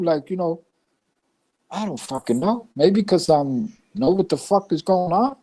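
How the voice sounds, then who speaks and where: A man's voice: high voice, expressive, a little slow, dark tone. An older man from a Puerto Rican family in New York, with a New York accent, telling stories bluntly and profanely on a live chat stream. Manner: profane, blunt storytelling, chuckles often. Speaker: live show panelist. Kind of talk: casual chat.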